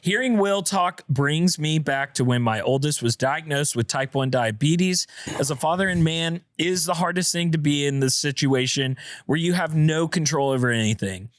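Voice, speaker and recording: Animated man, slightly high, dry sound. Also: moderate pace, no room sound. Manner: animated storyteller, reads listener messages. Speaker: podcast co-host. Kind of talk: casual chat.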